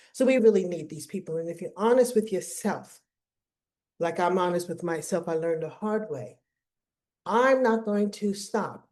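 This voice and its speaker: A middle-aged woman with a mellow, slightly low voice gives an earnest motivational talk. She often repeats a word as she works through a point. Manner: earnest, repeats words while explaining. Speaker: summit speaker on women's wellness.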